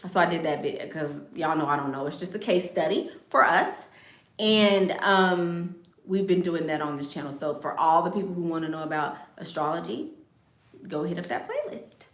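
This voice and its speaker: Speaking with confidence and bluntness, this content creator chats casually on a live stream and repeats phrases to drive points home. Her voice is on the low side and expressive, at a moderate pace, in a roomy-sounding space.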